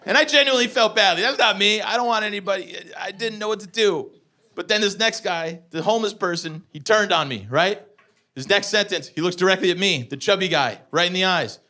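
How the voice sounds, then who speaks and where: A man in his forties performing a stand-up comedy set, telling profane, animated stories with acted-out asides. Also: high voice, a little fast. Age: 40s. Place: comedy venue with a live audience. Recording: live show with loud audience laughter.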